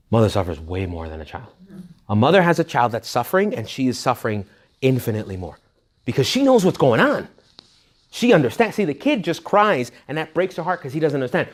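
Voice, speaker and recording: A man, a priest, giving an informal retreat talk to young adults, animated and conversational, full of rhetorical questions, jokes and quick asides. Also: mid-range voice. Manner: rhetorical questions directed at the audience. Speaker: Catholic priest leading a retreat.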